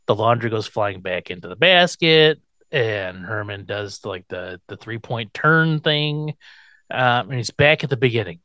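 A man's voice: fairly low pitch, measured pace, no room sound. A man co-hosting a podcast, casually retelling a TV episode and acting out the characters' lines. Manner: animated storyteller, acts out quotes. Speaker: podcast co-host.

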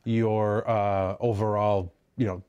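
A man's voice: on the low side, flat delivery, slow pace, a little mellow, clean tone, lo-fi sound. A man co-hosting a live tech show, giving practical tips in a chatty way with lots of fillers. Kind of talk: live stream tech talk.

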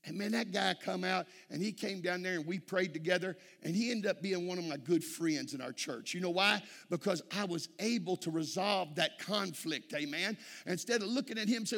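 A man preaches a sermon with a folksy, storytelling manner. His voice sits a little high and sounds forceful and bright. The church hall around him leaves a long reverb. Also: normal speed, hardly any pauses. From Texas. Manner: folksy storytelling, frequent "amen?" calls to the congregation. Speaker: pastor.

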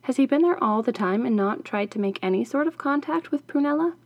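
A woman's voice: high-pitched, expressive, brisk, dull audio. A woman hosting a podcast, reading a fairy tale and adding wry, sarcastic asides. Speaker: podcast host.

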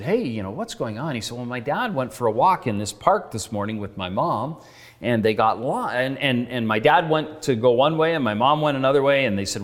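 A man's voice: mid-range voice, a bit bright. A male pastor tells a story in his sermon, earnest and conversational, acting out the dialogue. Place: church sanctuary. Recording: reverberant church hall.

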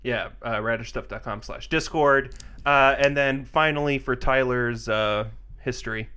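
A man's voice: mid-range voice, unhurried, bright, forceful tone. A man co-hosting a podcast in casual chat, chuckling often and plugging upcoming shows. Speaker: podcast co-host.

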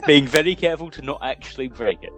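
A man's voice: on the high side, a bit bright, rough recording. Guy playing a tabletop rpg, jokey, laughs a lot, faint music. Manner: joking, laughing. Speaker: player. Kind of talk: tabletop role-play.

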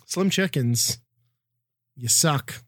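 A man's voice: on the high side, animated, very slow, fairly bright tone, no room sound, studio quality. A middle-aged man from the Midwest telling a profane, exasperated story in casual chat. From American Midwest.

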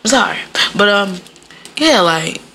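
A woman's voice: mid-range voice, lively intonation, unhurried, vocal fry, pushed and bright, slight background noise. A young woman telling stories in a casual monologue, rambling and profane, laughing often and filling her talk with "like".

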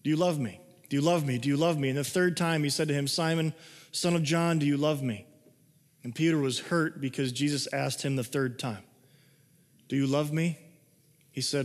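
A man preaching a sermon in a conversational way, reading scripture and explaining it, moving between excited and hushed delivery. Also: fairly high pitch, moderate pace. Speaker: pastor. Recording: long hall reverb.

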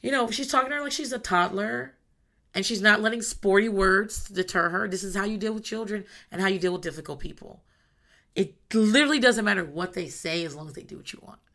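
Blunt, gravelly-voiced woman. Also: medium pitch, brisk, sharp tone. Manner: blunt and emphatic, swears freely. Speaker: mother talking about parenting. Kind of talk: casual monologue.

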